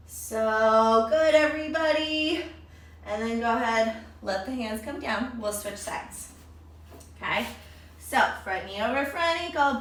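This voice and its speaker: A woman's voice: high-pitched, sharp tone. A woman leading a children's yoga class, upbeat and encouraging, calling the kids her friends. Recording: very echoey room, voice from far off.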